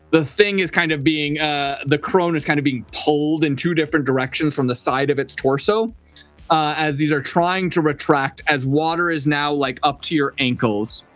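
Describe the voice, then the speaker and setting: Man, game master, tabletop narration, hesitant fillers, fairly high pitch, dry sound, faint music behind. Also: fairly bright tone, dry recording. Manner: describes scenes with many fillers and restarts.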